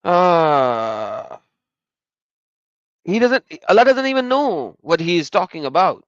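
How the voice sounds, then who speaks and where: A man giving sarcastic video commentary as an online religion critic, mocking and swinging between loud exclaiming and muttering. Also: high-pitched, very animated, slow pace, dry recording, dull audio.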